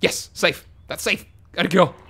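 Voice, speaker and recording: A man giving foul-mouthed, sarcastic let's-play commentary, breaking into shouts and laughter. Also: high-pitched, normal speed, breathy edge. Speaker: gaming YouTuber.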